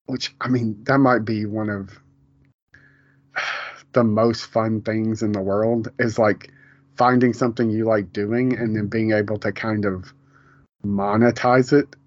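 A man's voice: lowish voice, fairly even intonation, a little slow, dry recording. A man co-hosting a casual podcast chat about a TV show. He rambles, restarts often and laughs a lot. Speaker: podcast co-host. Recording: dull, lo-fi home podcast audio.

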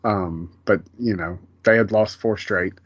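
Man, podcast co-host, low voice, casual and profane, dry dull sound. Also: measured pace, husky, dry recording. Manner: loose and profane, quotes scenes in little bursts. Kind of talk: casual chat.

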